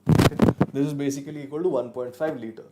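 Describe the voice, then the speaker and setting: A male chemistry teacher with an Indian English accent lectures a live online class in a relaxed, joking way, dropping into Hindi at times. His voice sits at an ordinary middle pitch. A loud hiss of noise runs under the whole recording from a poor mic. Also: fast talker. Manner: casual, chatty, mixes in Hindi, jokes with students.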